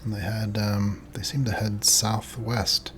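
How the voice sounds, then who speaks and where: A man narrating as game master of a tabletop game, in a loose, hesitant way full of pauses. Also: fairly low pitch, flat delivery, a little hiss or hum.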